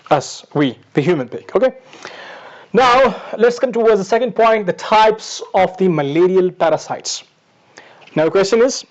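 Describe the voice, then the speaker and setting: A man's voice: high-pitched, darkish tone. A man giving a step-by-step pharmacology lecture, repeating key points and calling his students "my dears". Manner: repetitive, explains step by step, addresses students as "my dears". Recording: dull lo-fi recording.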